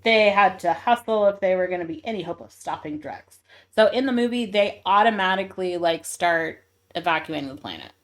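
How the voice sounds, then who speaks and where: A woman's voice: on the low side, animated, fairly quick. A woman co-hosting a casual book club chat who recaps the plot with fillers and frequent laughs. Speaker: podcast co-host.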